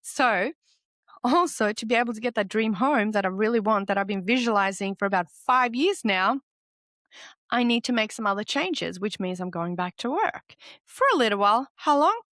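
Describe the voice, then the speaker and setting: A woman's voice: mid-range voice, lively intonation, normal speed, a bit bright, no room sound, clean studio sound. A woman hosting a solo motivational podcast, talking candidly and animatedly and swearing freely. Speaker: podcast host.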